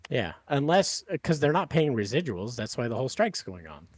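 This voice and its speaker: A man's voice: mid-range voice, sing-song, fairly quick, no echo. Laid-back swearing podcast guy. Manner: rambling, swears freely, many fillers. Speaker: podcast host. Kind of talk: casual podcast chat.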